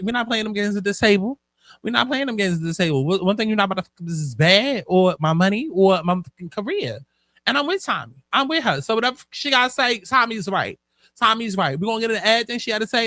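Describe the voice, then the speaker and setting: A man hosting a casual commentary show, sassy and profane, animated as he dishes the news. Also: sits high, no echo. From United States. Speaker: host.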